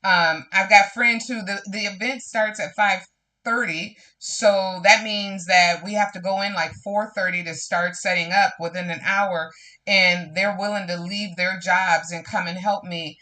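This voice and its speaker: A woman's voice: medium pitch, fairly even intonation, unhurried, sharp tone. A woman hosting a live crafting stream, chatting casually and slipping into preachy, faith-filled testimony to viewers. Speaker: crafting livestream host.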